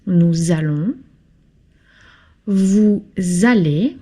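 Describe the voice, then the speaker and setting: A woman teaching a French lesson in English, speaking slowly and patiently and repeating phrases for her learners. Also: lowish voice, lively intonation, dark tone. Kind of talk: slow classroom lesson.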